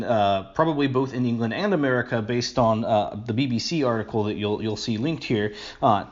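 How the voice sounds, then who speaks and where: A man narrating a video essay on a period film in an analytical, hesitant way, with many filler words. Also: medium pitch. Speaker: film commentator. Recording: dull lo-fi voice-over.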